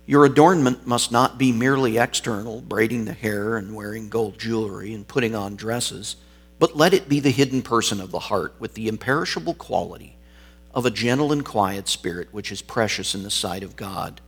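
A man's voice: fairly low pitch, moderate pace, slightly rough. A male pastor preaching an expository sermon, reading and explaining scripture with varied emphasis.

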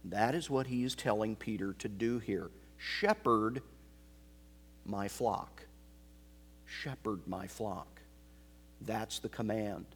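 A man preaching an expository sermon, slow and emphatic, repeating key phrases. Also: on the low side, breathy edge. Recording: long hall reverb.

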